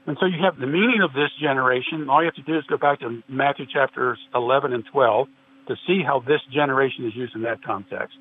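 A man's voice: medium pitch, quick pace, husky. Earnest man on a tinny line. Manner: earnest, quotes scripture at length. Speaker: podcast guest. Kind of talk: theological discussion. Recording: tinny phone-like line with faint noise.

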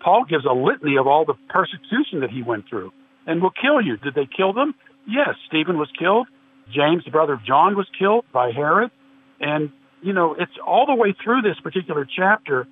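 A man's voice: a little high, big pitch swings, a little fast. A man guest in a religious discussion, earnestly explaining and quoting scripture at length. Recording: tinny phone-like line with faint hiss.

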